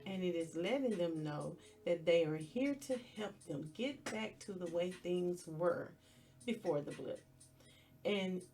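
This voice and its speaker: A woman hosting a podcast, recapping a TV episode in a chatty, expressive way with playful asides. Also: fairly low pitch. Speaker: podcast host.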